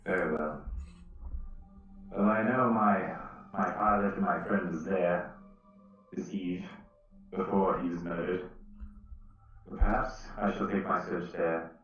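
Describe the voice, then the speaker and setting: A man's voice: deep voice, fairly even intonation, takes it slowly, long pauses. A man playing a solemn desert ship captain, speaking in formal, old-fashioned phrases. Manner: formal, archaic in-character speech. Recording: roomy, distant, dull lo-fi mic.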